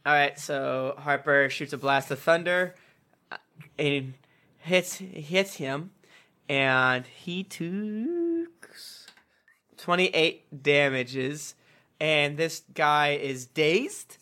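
Bright, joking tabletop player. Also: medium pitch, animated, drawn-out words. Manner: joking, acts out own character's lines. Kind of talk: tabletop game banter.

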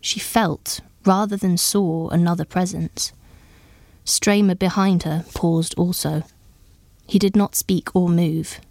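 A woman narrating a story in a measured, even storytelling manner. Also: on the low side, no room sound. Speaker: audiobook narrator.

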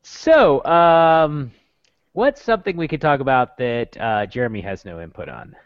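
A man's voice: mid-range voice, big pitch swings, measured pace, highs cut off, a little hiss or hum. A man co-hosting a casual podcast, teasing the others and laughing easily. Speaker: podcast co-host.

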